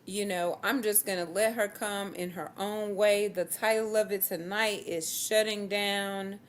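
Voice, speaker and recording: A woman with a Southern US accent hosting a relaxed, upbeat live-stream chat. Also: medium pitch, a little hiss or hum. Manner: relaxed and upbeat, slow-paced. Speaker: host.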